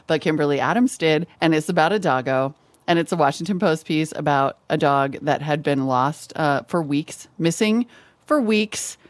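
A woman with a very low-pitched voice co-hosts a chat show from her home studio. She is bubbly and expressive and laughs often. Her voice is recorded dry and close, with no echo. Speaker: co-host. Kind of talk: casual chat.

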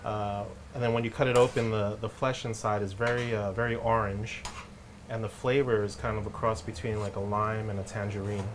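A man who grew up in the Philippines, working as a chef and explaining a dish in a halting way, often repeating words while he cooks in a kitchen. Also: lowish voice, level tone. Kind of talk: casual cooking chat. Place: kitchen indoors. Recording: clear kitchen clatter noise.

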